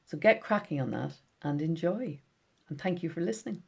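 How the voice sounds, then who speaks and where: Low-voiced woman teaching children. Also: lively intonation, creaky, slightly rough. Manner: gentle, encouraging, reads poems slowly. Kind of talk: recorded lesson for schoolchildren.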